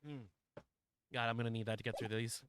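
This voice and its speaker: A man's voice: mid-range voice, level tone, quick pace, background noise. A man casually commenting while playing a game, rambling and self-deprecating, swearing at his mistakes. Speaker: streamer.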